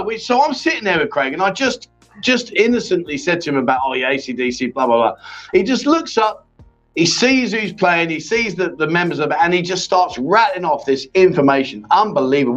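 A man with a fairly high voice hosting a casual live-stream chat, joking with his co-host and reading out viewer comments. The sound is a little dull, with faint music in the background. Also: big pitch swings, brisk. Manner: banters and reads viewer comments aloud. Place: bar or venue.

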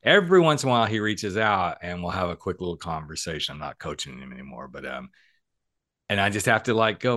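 A man hosting a podcast, talking in an animated, emphatic, chatty way. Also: low voice, fast, no echo, clean studio sound. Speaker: podcast host and coach. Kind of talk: casual podcast conversation.

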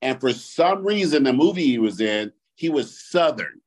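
A man co-hosting a podcast, chatting casually and getting worked up, swearing and jumping to high outbursts when riled. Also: expressive, normal speed, darkish tone. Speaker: podcast co-host. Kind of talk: casual chat.

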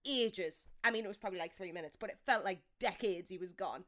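A woman's voice: medium pitch, quick pace, fairly bright tone. A young woman, co-hosting a podcast in casual, jokey chat and laughing often. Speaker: podcast co-host.

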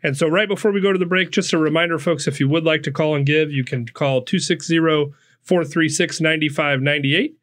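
A man's voice: on the high side, fairly quick, a bit bright. A man hosting a radio fundraiser, upbeat, reading out donor names and phone numbers. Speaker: radio host.

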